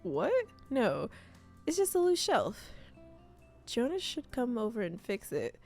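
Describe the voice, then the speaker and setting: A woman voicing a brusque young woman painter in a cozy role-playing game, talking loudly and briskly and brushing people off. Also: a little high, huge pitch swings, vocal fry, soft background music, heavily acted. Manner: loud, brisk and dismissive.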